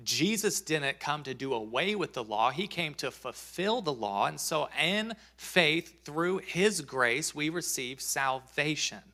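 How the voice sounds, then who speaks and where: A man's voice: on the high side, animated, measured pace, hardly any pauses, pushed and bright. A man preaching a sermon as pastor, talking in a conversational, joking way and reading scripture aloud.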